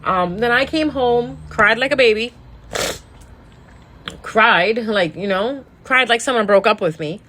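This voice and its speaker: A woman's voice: on the high side, bright, forceful tone. A tarot reader, a woman, talking casually and emotionally, sad and tearful, rambling and restarting her sentences. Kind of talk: casual storytelling monologue.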